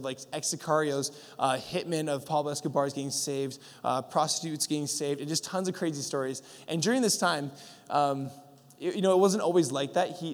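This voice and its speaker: Young guy preaching, kinda high voice, chatty with lots of ums, big echoey church hall. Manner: casual storytelling with fillers, acting out God's voice. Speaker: pastor. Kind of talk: sermon. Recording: long hall reverb.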